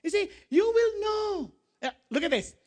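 A man, a pastor, preaching a sermon in an animated way, quoting scripture, asking the congregation questions and laughing at his own jokes. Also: very high voice, moderate pace. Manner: quotes scripture, asks the audience questions.

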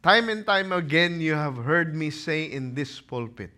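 A man's voice: a little high, expressive, a little slow, hardly any pauses, pushed and bright. A male pastor preaching a sermon and telling the story dramatically.

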